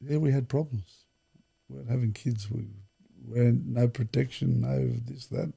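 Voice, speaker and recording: A man's voice: medium pitch, fairly even intonation, normal speed, creaky, warm tone, breathy edge. A middle-aged man, telling long rambling anecdotes as an interview guest, restarting sentences and acting out quoted dialogue. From Australia. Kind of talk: casual storytelling interview.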